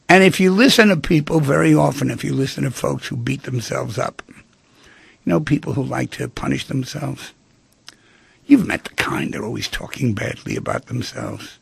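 Gravelly, animated radio host man. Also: medium pitch, moderate pace, no room sound. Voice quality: gravelly, husky voice. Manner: animated storytelling, acts out quoted people. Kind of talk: radio talk monologue. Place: radio studio.

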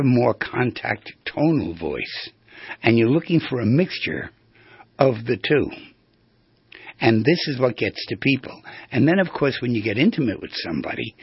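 A man hosting a radio talk show, teaching in an animated, rambling way and demonstrating tones of voice. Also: medium pitch, gravelly, husky, dry recording, muffled recording.

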